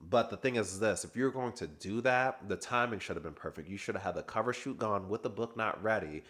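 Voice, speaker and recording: A man's voice: on the low side, fairly quick, a bit bright. A man giving a casual, sassy recap review of a reality TV reunion, chatting and laughing as he goes.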